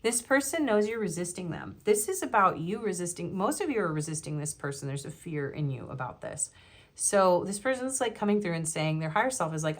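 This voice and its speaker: A woman giving a pick-a-card tarot reading. She reads card meanings quickly, then rambles loosely and often trails off mid-sentence. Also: lowish voice, lively intonation. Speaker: tarot reader.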